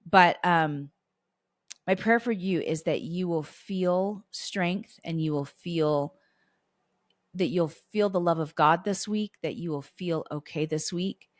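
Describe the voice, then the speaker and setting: A woman in her forties talks casually to her listeners on a close podcast mic. Her voice sits a bit low, and the sound is dry and close. She tells stories with quoted dialogue and offers friendly encouragement. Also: dry recording. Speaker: podcast host. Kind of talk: casual solo podcast talk.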